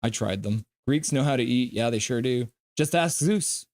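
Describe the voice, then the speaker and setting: A man's voice: medium pitch, lively intonation, moderate pace, darkish tone. A man hosting a live stream, calling the hockey play-by-play and joking with the chat. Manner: jokey, banters with chat between play calls. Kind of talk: casual play-by-play and chat reading.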